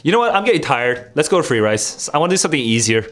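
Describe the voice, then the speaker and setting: A man's voice: on the high side, very animated, rapid-fire. A young man streaming casually, rambling with many fillers and restarts while he quizzes his viewers on vocabulary. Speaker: streamer and test tutor. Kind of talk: casual livestream chat and vocabulary quiz.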